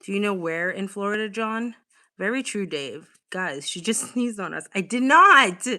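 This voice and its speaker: A woman hosting a casual livestream, chatting to her viewers in an excitable way and swearing freely. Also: mid-range voice, moderate pace. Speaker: livestream host.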